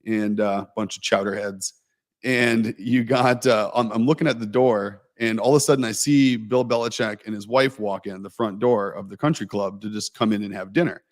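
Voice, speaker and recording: A man co-hosting a casual livestream, telling a long, rambling, self-mocking anecdote full of fillers and restarts. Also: lowish voice. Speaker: co-host telling a story.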